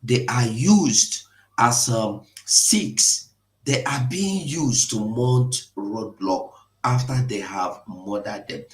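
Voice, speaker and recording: A man hosting an impassioned live broadcast, pleading and emotional, at times rising to shouts. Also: mid-range voice, takes it slowly. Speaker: online broadcast host. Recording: echoey room.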